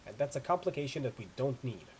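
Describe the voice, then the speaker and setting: A man's voice: mid-range voice, expressive, quick pace, darkish tone, a little hiss or hum, lightly acted, rough recording. A man voicing a tough female mercenary leader in a video game, giving clipped, urgent orders. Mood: urgent, commanding.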